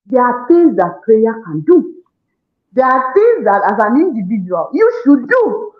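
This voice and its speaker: A woman with a Nigerian accent giving an animated testimonial, acting out her own scolding and prayers and laughing often. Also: on the high side, unhurried. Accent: Nigerian English. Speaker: parenting program participant. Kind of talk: testimonial interview. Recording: echoey room on a tinny phone-like line.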